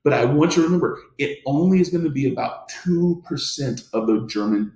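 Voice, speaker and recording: A man's voice: on the high side, animated, brisk, darkish tone, reverberant. A man teaching a history lecture in an emphatic way, often restarting his sentences. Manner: emphatic, many restarts and fillers. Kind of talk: recorded classroom lecture.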